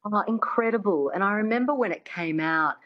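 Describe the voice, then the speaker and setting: A woman's voice: medium pitch, lively intonation, a little fast, highs cut off. A woman with an Australian accent, an accent coach chatting as an interview guest with many restarts.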